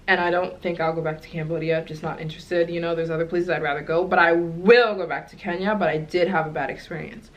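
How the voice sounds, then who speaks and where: Chatty young woman, lowish voice. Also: fast talker, hardly any pauses. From United States. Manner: rambling, animated, many fillers and asides. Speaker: travel vlogger. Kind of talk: casual storytelling to camera.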